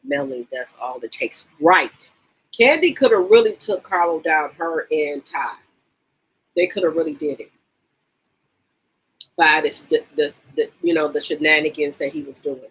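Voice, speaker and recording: A woman hosting a casual livestream, reading viewer comments aloud and gossiping about reality TV in an animated, repetitive, exclamatory way. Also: sits low, moderate pace, breathy edge, low-quality recording. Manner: animated, exclaims and repeats herself, reads chat comments aloud.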